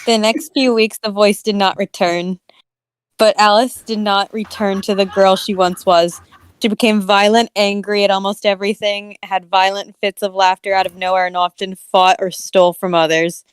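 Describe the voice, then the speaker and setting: Woman reading a horror story, smooth and dry. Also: medium pitch, level tone, moderate pace, no echo. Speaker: story reader.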